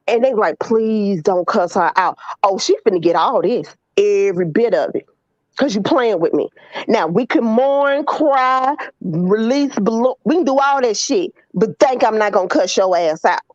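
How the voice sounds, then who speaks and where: A woman talks earnestly, with many questions and casual swearing. Her voice is fairly high, and the recording sounds dry and slightly dull. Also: animated, normal speed, dry recording. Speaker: vlog co-host. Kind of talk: casual chat.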